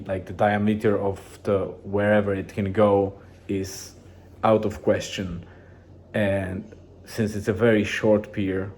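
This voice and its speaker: Low, dark-voiced man rambling casually. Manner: rambling, relaxed, with many restarts and fillers. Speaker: vlogger. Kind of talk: casual daily journal vlog.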